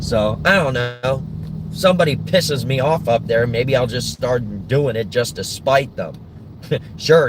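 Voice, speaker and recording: A man's voice: medium pitch, animated, unhurried, slight background noise. A man vlogging from his car in a casual, rambling monologue, often chuckling.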